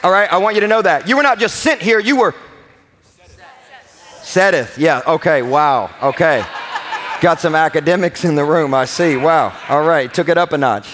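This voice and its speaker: A man's voice: a little high, a little fast, fairly bright tone, big-room sound, a faint crowd, slight background noise. A young man with a Kentucky accent preaching a sermon as pastor, drawing out words for emphasis and leading the congregation in call-and-response. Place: large church auditorium with mezzanine.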